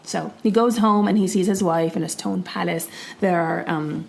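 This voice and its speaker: A woman co-hosting a podcast, telling a story in an animated, expressive way with searching pauses. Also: lowish voice, gravelly. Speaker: podcast co-host. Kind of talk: casual chat and storytelling.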